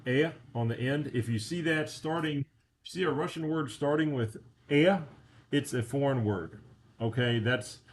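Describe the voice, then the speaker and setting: A man teaching a beginner language lesson in a casual, unhurried way, explaining step by step with frequent fillers. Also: medium pitch, slight background noise.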